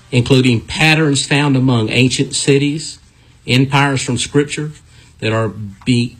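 Folksy preacher over music. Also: male voice, mid-range voice, a bit bright, breathy edge. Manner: folksy, earnest, rhetorical questions. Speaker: radio preacher. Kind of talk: radio sermon teaching.

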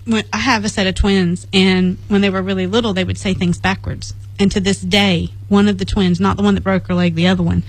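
A woman's voice: medium pitch, level tone, a little fast, hardly any pauses, poor audio. A middle-aged woman leading a casual church group, rambling through stories and laughing often.

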